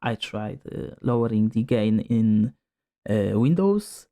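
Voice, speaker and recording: A man's voice: lowish voice, expressive, takes it slowly, gravelly, mellow. A man talking casually on a home stream, rambling with plenty of fillers. His distance from the desk microphone keeps changing, so his voice moves between close and slightly distant. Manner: rambling, filler-heavy, moves toward and away from the mic. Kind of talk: casual stream chat testing a mic. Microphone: desk microphone, distance shifting.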